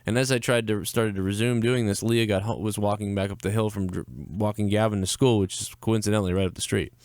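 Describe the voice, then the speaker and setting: Speaking quickly in a fairly low register, this young podcast co-host rambles through a lengthy, foul-mouthed tale on a live show. The sound is clean and studio-grade with no room noise, and he livens up when imitating what others said.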